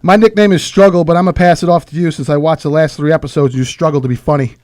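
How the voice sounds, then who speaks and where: A man's voice: a little high, steady tone, rapid-fire, a little mellow, dry recording. A man with an Irish accent, a comedian trading roast insults with a joking, stumbling delivery. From Ireland. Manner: joking, stumbles over words. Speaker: comedian guest.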